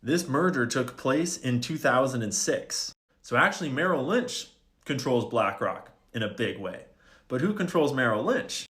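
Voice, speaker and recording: A man's voice: medium pitch, animated, a little slow, fairly bright tone. A man talking casually to camera, explaining things step by step with wry, sarcastic asides and open questions. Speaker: video creator.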